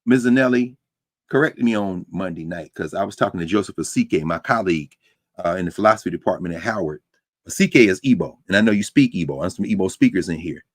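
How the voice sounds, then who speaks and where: A man lecturing to a university class, talking in a lively, conversational way with frequent asides to his students. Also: deep voice, quick pace, dry recording. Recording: dry close sound.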